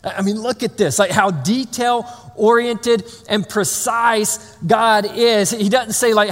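A man's voice: high voice, a little slow, hardly any pauses. A man preaching a sermon in a loose, conversational way, full of restarts and playful asides. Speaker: pastor. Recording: long reverb of a large hall.

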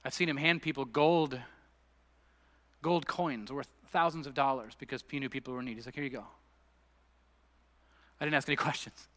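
A man's voice: medium pitch, a little fast, fairly bright tone. A middle-aged man preaching a sermon as pastor, telling stories conversationally and building to emphatic peaks. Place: church sanctuary. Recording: long hall reverb.

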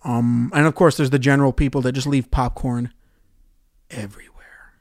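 A young man hosting a solo podcast, swearing and ranting sarcastically about his movie theater job, going from loud outbursts to quiet mutters. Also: medium pitch, steady tone, a little fast, no room sound, clean studio sound. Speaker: podcast host.

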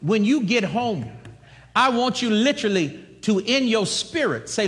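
Animated high-voiced preacher in a reverberant hall. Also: male voice, measured pace. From United States. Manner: emphatic, bursts into shouts and laughter. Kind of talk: sermon.

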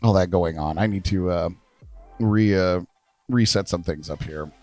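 Laughing podcast host, dry close sound. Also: male voice, sits low, moderate pace, a little mellow, dry recording, soft background music. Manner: easygoing, laughs a lot. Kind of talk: casual podcast chat.

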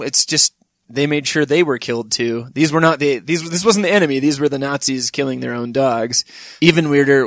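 A man's voice: medium pitch, no echo, clean studio sound. A man hosting a podcast, chatting casually in a rambling, digressive way and laughing at times. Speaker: podcast host. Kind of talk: casual chat.

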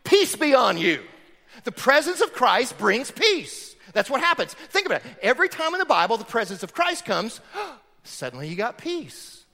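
A man preaching from the pulpit with a high, bright, forceful voice that leaps up and down as he acts out voices for his points. The sound carries a long reverb from the church sanctuary. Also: moderate pace. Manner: animated preaching, acts out quotes. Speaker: pastor. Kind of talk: sermon.

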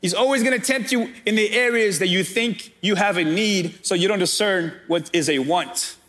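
High-voiced man preaching a sermon. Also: moderate pace, a bit bright. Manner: preaching, addressing the congregation directly. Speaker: pastor.

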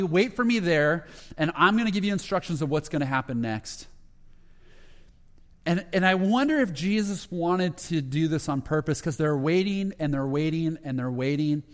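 Man preaching in a reverberant hall. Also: high-pitched. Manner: retells scripture with quoted dialogue, dropping to a hushed voice at emotional moments. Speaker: pastor. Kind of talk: sermon storytelling.

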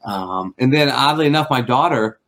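A man's voice: mid-range voice, lively intonation, normal speed, fairly bright tone. A middle-aged man, a guest ventriloquist and magician, telling rambling anecdotes in a casual interview. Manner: rambling anecdotes with acted-out quotes.

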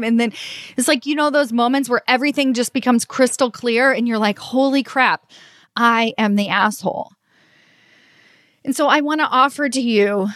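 A woman's voice: medium pitch, fairly bright tone, dry recording, clean studio sound. A woman in her forties hosting a podcast, telling a personal story in a candid, chatty way with lots of "like". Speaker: podcast host.

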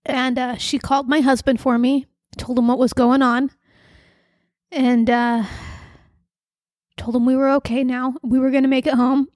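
A woman's voice: sits high, level tone, normal speed, long pauses, no echo, clean studio sound. Earnest woman telling a personal story. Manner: earnest, confiding, with soft fillers. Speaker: podcast host and emotional coach.

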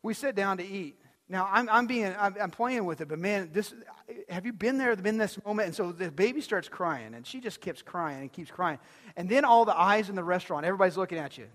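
A man's voice: sits high, animated, brisk, a bit bright. A male pastor preaching a sermon in a conversational, storytelling way, often putting questions to the congregation. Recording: long hall reverb.

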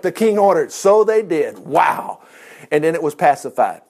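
A man teaching a Bible lesson in an animated way, chuckling and making chatty asides. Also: a little high, normal speed.

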